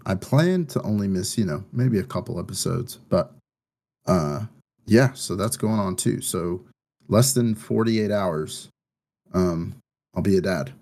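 A man's voice: low voice, creaky, darkish tone. A man co-hosting a podcast in casual chat, talking in a loose, rambling way full of fillers, anxious about his first baby. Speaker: podcast co-host.

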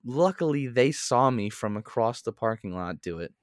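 A young man and podcast co-host telling a story in a casual, animated way. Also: normal speed, no echo, studio quality. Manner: animated storyteller, jumps into high voices when quoting.

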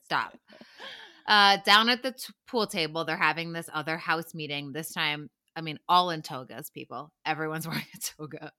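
A woman with a low-set but bright, forceful voice recaps a reality show for a podcast. She talks casually and with animation, laughs often, and acts out the lines she quotes. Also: moderate pace. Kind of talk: casual chat.

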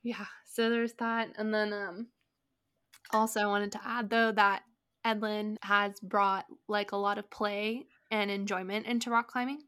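A woman co-hosting a podcast, telling stories in a casual, animated way with many filler words. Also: medium pitch, a little slow, clean tone. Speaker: podcast co-host. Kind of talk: casual conversation.

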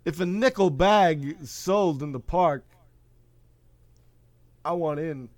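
A man doing an impression of a famous quirky actor, with a halting, oddly spaced delivery. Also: on the high side, darkish tone, no echo, studio quality.

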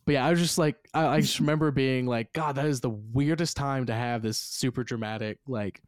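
A man's voice: medium pitch, fairly even intonation, fairly quick, no echo. Rambling man, dry close sound. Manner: rambling, heavy use of "like", swears casually. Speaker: podcast host. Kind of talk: casual movie review chat.

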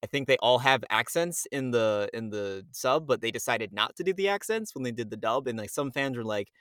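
A man's voice: mid-range voice, a little fast, clear, resonant tone, no room sound, clean studio sound. A young man from Miami, a guest voice actor, chatting casually and acting out quotes as he tells stories. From Miami, USA. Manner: animated storyteller, acts out quotes. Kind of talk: casual podcast chat.

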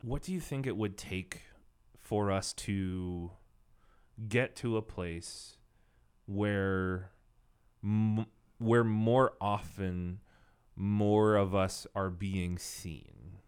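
A man's voice: lowish voice, very slow, darkish tone, smooth. A man hosting a podcast, asking questions in a hesitant, searching way. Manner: hesitant, searching, many fillers and restarts. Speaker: podcast host. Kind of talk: interview questions.

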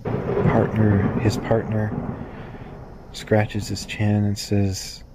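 A man slowly narrating a spooky true story, drawn out and hushed at moments. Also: on the low side, completely flat delivery, very noisy.

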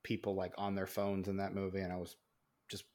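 A man's voice: low-pitched, completely flat delivery, brisk, darkish tone. A man co-hosting a movie podcast, chatting casually and reading out production notes, often hesitating and restarting his sentences. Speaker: podcast co-host.

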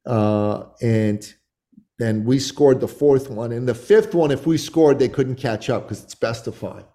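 A man in his forties, a podcast guest, telling stories in a loose, animated way with lots of swearing. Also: medium pitch, a little slow. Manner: profane, animated storytelling. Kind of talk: casual podcast storytelling.

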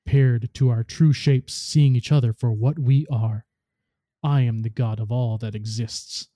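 A man reading aloud as a ruthless, boastful female war god, in a slow, solemn recital. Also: medium pitch, dark tone, no echo, studio quality, close to an everyday voice.

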